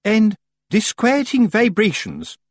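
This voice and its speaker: A grand, gushing witch who drawls every word with lofty affectation, as a male narrator puts her on. The voice soars high and swoops dramatically, with a husky edge, recorded close and dry. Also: wildly swooping pitch, no room sound, full character voice. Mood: pompous. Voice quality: falsetto, drawn-out and affected. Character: haughty pompous witch woman, gushing and grand.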